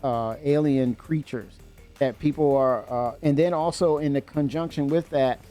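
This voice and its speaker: A man hosting a livestream in casual chat, excitable and rambling, laughing often and filling pauses with "uh". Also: mid-range voice, soft background music. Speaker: livestream host.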